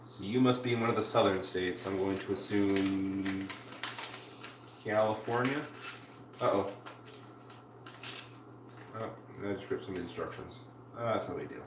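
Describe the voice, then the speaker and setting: A woman's voice: extremely low pitch, normal speed, pauses often. A woman from Canada live-streaming from home, chatting casually with viewers as she builds. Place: home room. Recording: roomy, distant mic with faint hiss.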